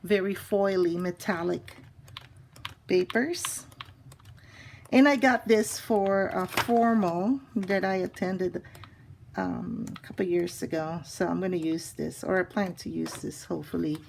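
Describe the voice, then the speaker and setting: Slow-talking woman showing a craft haul. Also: lowish voice, vocal fry, a little hiss or hum. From Hawaii. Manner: chatty, excited about bargains, many fillers. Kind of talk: casual show-and-tell haul.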